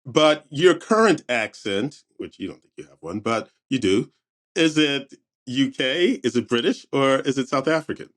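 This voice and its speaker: A man's voice: mid-range voice, expressive, moderate pace, a bit bright. Laughing, enthusiastic male podcast host. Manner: enthusiastic, laughs often, chatty asides. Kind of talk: casual podcast interview.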